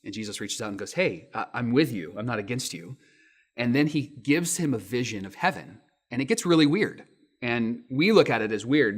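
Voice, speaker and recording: A man in his thirties, a pastor giving a sermon with lively storytelling, acting out quotes in raised voices. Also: mid-range voice, husky.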